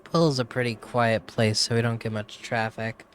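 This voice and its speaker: A man's voice: mid-range voice, steady tone, moderate pace, slight background noise, natural voice. A man reading a weary, blunt woman dock official in a fantasy game, in his own voice with dry, swearing complaints. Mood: grumbling.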